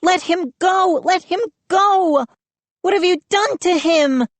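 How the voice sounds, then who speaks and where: A woman's voice: sits high, lively intonation, takes it slowly, no room sound, pitched above the performer's own voice. A woman reading an audiobook, voicing an indignant young girl who scolds shrilly. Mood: shrieking.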